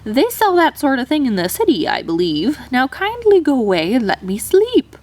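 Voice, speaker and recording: A woman's voice: high-pitched, huge pitch swings, moderate pace, voice pushed up, heavily acted. A woman voicing a grumpy, deaf old male owl with a scratchy voice, in a storybook reading. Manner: cross, loud.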